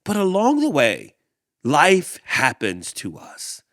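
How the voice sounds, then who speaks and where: An animated podcast man with a lively voice. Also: fairly high pitch, takes it slowly, no echo, clean studio sound. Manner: animated, repeats words as he thinks; uses y'all. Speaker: podcast host. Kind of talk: storytelling and reflective talk.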